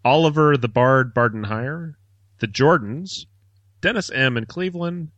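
A man's voice: mid-range voice, measured pace, a bit bright, no echo, highs cut off. A man co-hosting a podcast in casual chat, reading out listener names. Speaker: podcast co-host.

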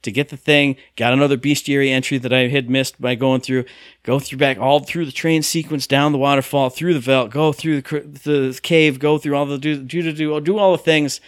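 A man hosting a casual podcast, talking enthusiastically with some halting restarts. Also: mid-range voice, fairly even intonation, no echo, studio quality. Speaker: podcast host.

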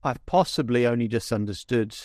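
This man, a life coach, holds a coaching session and turns aside to his listeners now and then, his tone reflective and his sentences frequently restarted. His voice is mid-range with a darkish color. The studio sound is clean, with no echo.

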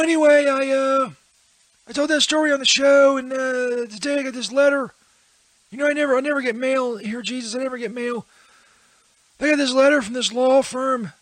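A man's voice: very high-pitched, fairly bright tone, dry recording, voice pushed up. A man playing Peter, a jittery, foul-mouthed, whiny comedy character who keeps crying out to Jesus. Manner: frantic, swearing, keeps invoking Jesus. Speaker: comedy character on a live show. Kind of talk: comedy bit.

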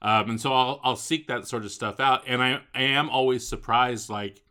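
A man with a bright, forceful edge to his voice, chatting about poetry. He thinks aloud, hesitating and restarting as he works out his view. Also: medium pitch, fairly even intonation, normal speed, clear, resonant tone. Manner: thoughtful, hesitant with frequent "um". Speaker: book discussion co-host. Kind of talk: casual chat.

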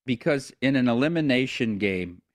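A man's voice: medium pitch, lively intonation, normal speed, no echo. A man with a mid-range voice hosts a casual betting show in an easygoing way. The sound is dry and close, with no room around it. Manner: easygoing, leads segments, chuckles often. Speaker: sports betting show host. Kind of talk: casual sports betting chat.

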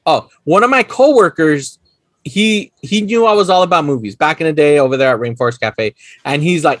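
A young man co-hosting a casual movie chat, animated and swearing, acting out quotes and laughing often. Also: on the high side, fairly quick, no room sound, studio quality. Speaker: podcast co-host.

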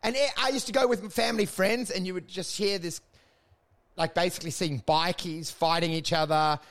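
A man rambles through crude comic stories on a casual podcast. His voice sits fairly high for a man and has a gravelly, creaky edge. He talks in a loose, animated way. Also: normal speed. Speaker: podcast co-host. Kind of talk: casual comedic chat.

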